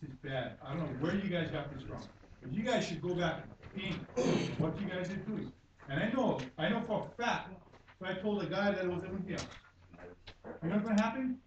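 A high-pitched man with a Hawaii Pidgin accent testifies at a public hearing, blunt and angry, with repeated phrases and swearing. He is heard from across a very echoey conference room, with faint background noise. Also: brisk, far from the mic, dull audio. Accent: Hawaii Pidgin-tinged English. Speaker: member of the public giving testimony.

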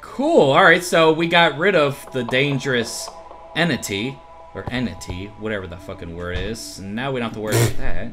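A man's voice: mid-range voice, brisk, few pauses, a bit bright, soft background music. A man co-hosting a horror game playthrough, easygoing and laughing often at his partner's jokes. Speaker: co-host playing a horror game. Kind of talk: gaming commentary.

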